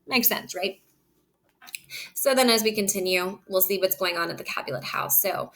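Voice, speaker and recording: Woman reading a play out loud then breaking it down casually, bright clear voice, teacher vibe. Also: mid-range voice, fast. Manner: switches between reading lines aloud and plain paraphrase. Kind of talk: read-aloud with casual explanation.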